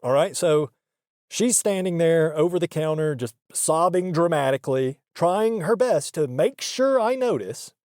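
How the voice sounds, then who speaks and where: A comedic character host delivers a defensive, self-justifying rant, repeating himself for emphasis. His voice is a little high, a little mellow, and animated, at a slightly slow pace, with studio-quality audio and no room sound.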